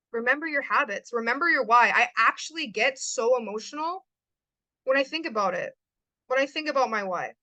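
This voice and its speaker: A young woman gives an emphatic motivational talk to her live chat. Her voice is high and bright. The sound is dry and close. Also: no echo, poor audio. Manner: emphatic, repeats lines for stress. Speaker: host.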